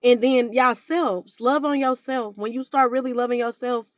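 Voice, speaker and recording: A woman's voice: a little high, steady tone, normal speed, no echo, highs cut off. A woman in her early thirties gives an emotional personal testimony, close to tears, talking straight to her viewers. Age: 30s. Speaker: podcast host.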